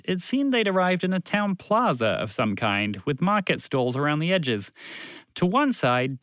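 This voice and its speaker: Male storyteller, lively, higher voice, dry close recording. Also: no room sound. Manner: animated, expressive reading. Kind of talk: scripted children's story narration.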